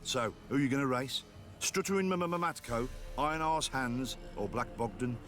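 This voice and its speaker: A man voicing a gruff, blunt horse-race organizer in a video game. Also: medium pitch, a bit bright, faint music behind, natural voice. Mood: brusque. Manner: blunt, brisk, rough-spoken.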